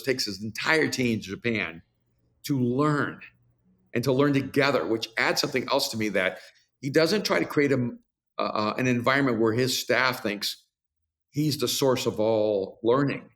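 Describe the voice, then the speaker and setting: A man's voice: medium pitch, moderate pace, fairly bright tone. An older man hosting a podcast, talking in a reflective, musing way in casual conversation. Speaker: podcast host.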